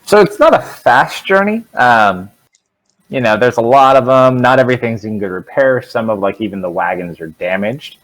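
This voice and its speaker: A man narrating as dungeon master in a relaxed, rambling way, with lots of "um" and "like". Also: medium pitch, moderate pace, rough recording. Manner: relaxed, rambling, filler-heavy. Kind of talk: narrating a tabletop game.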